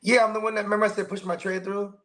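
A man's voice: high voice, little pitch movement, racing, fairly bright tone. A man from the Bay Area, co-hosting a casual show and telling stories in loose, profane slang. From San Francisco Bay Area. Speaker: podcast co-host. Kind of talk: casual chat.

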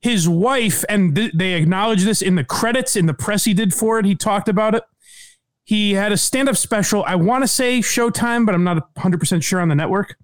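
A man's voice: sits high, no echo. A man co-hosting a comedy podcast, chatting casually and laughing often. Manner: laughs often, fast riffing commentary. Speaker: podcast co-host.

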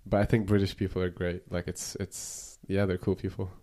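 With a low, dark voice, flat delivery, and moderate pace, a podcast guest rambles through casual conversation. He uses "like" constantly and swears freely.

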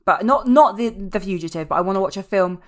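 A woman's voice: mid-range voice, fast. A woman co-hosting a podcast, jokey and opinionated in casual chat, with casual swearing. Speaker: podcast co-host.

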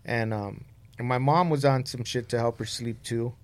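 A man's voice: mid-range voice, normal speed. A man in his fifties, a podcast host, telling stories in casual chat and swearing freely. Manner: animated storyteller, swears freely.

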